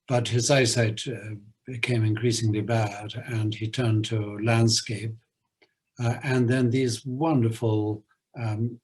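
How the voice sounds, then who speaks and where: A man lecturing on poetry at a university, hesitant, with many filler pauses. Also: mid-range voice, darkish tone, breathy edge, low-quality recording. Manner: reads verse aloud in a measured rhythm.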